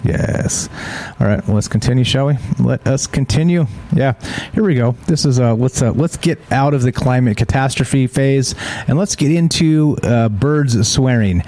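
A man hosts a casual live-streamed news show, reading articles aloud and breaking off into loose, rambling asides. His voice sits at an ordinary pitch and has a dark, mellow tone. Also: moderate pace. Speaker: show host.

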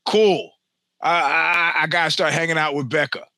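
Profane, bright-voiced older male storyteller. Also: fairly high pitch, fairly even intonation, normal speed, dry recording. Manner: profane, self-mocking, digressive. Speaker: podcast host. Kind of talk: rambling personal storytelling.

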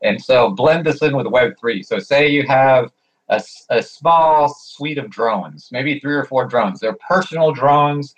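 Man, group chat participant, speculative, thinking aloud, muffled lo-fi audio. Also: medium pitch. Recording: dull lo-fi sound.

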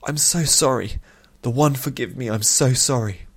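Young princess voice from a guy reading, earnest and pleading, pitched high, storybook. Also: moderate pace, husky. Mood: remorseful. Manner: pleading, apologetic, urgent. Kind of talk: audiobook character voice.

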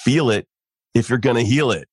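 A middle-aged man, a psychologist and coach, explaining things in an animated way and laughing often during a conversation. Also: medium pitch, normal speed, husky, dry recording, clean studio sound. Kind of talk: conversational podcast interview.

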